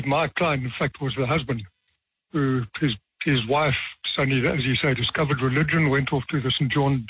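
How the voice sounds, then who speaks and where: A man in his seventies with a slightly husky voice, unhurried and dry-witted, recounting old courtroom and circus stories. He comes across as a retired judge from South Africa. The sound is dull and flat, a dry radio studio recording. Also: mid-range voice, no echo. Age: 70s. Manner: dry, self-deprecating humor, measured pace with pauses. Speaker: retired judge, author guest. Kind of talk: relaxed anecdotal storytelling.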